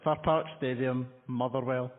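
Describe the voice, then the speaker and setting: Slow-talking Scottish man, terse replies. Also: medium pitch, steady tone. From Scotland. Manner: short, mumbled answers. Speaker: chat show guest. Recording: tinny, noisy hall recording.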